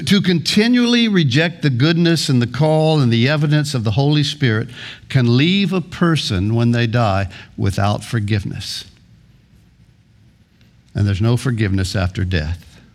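A man preaching a sermon as a pastor, earnest, building points through repeated phrases and long lists. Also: medium pitch.

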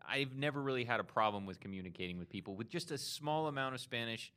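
A man's voice: mid-range voice, animated, fast, pushed and bright, smooth. A man in casual conversation who mostly answers with short agreements and adds dry jokes. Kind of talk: casual chat.

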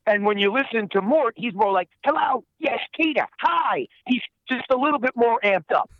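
A man's voice: high voice, brisk, no echo, lo-fi sound. A man who voices characters, talking in a casual interview and rambling with many fillers. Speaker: voice actor guest.

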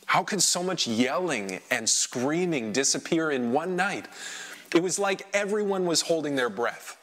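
A man performing an emotional first-person dramatic monologue, swinging between hushed lines and loud outbursts. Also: a little high, lively intonation, measured pace, faint music behind. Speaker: dramatic storyteller.

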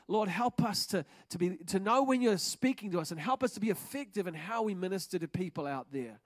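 A pastor preaching a stirring, emphatic sermon at a church service. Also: male voice, sits high, expressive, a little fast, hardly any pauses, dry recording, clean studio sound.

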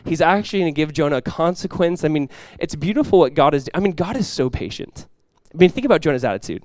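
A man preaching a sermon as pastor, in a lively, conversational way with quick acted-out asides. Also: fairly high pitch, no echo.

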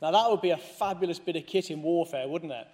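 High-voiced man giving a jokey keynote. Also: fast talker, a little mellow, a little hiss or hum. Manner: jokey, with humorous asides to the audience. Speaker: conference speaker. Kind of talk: keynote speech.

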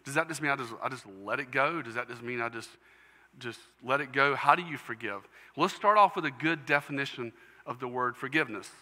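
A man delivers a sermon in an earnest storytelling manner. His voice is sharp and bright. It rings out with a long reverb, as if in a church hall. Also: medium pitch, a little fast. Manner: earnest storytelling preacher, emotional at times. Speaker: pastor.

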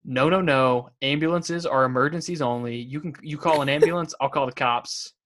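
In a relaxed podcast conversation, a man with a slightly bright, mid-range voice talks at a moderate pace about a show with his co-host. He shares his favorite lines with casual amusement, laughing as he goes.

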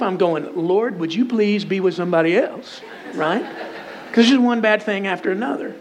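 A middle-aged man with a Texan accent, preaching a sermon as a pastor and retelling a Bible story in a conversational, joking way. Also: high-pitched. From Texas.

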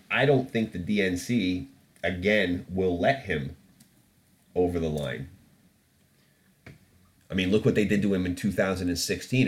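A man with a very low voice holds forth as the host of a studio podcast. He rants about the news in a loose, opinionated way, swearing freely and laughing at his own points. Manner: ranting, profane and opinionated, with frequent laughs. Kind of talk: casual solo podcast commentary.

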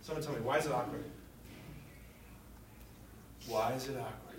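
A priest giving a lively, joking talk to teenagers in a room, often stopping to ask the audience questions. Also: male voice, medium pitch, moderate pace, noisy background. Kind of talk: interactive talk to teens. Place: room with a live youth audience.

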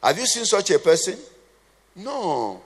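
A man's voice: high voice, big pitch swings, a little slow, breathy edge. A man preaching a sermon, conversational and humorous, quizzing his congregation with questions. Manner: humorous asides. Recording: long hall reverb.

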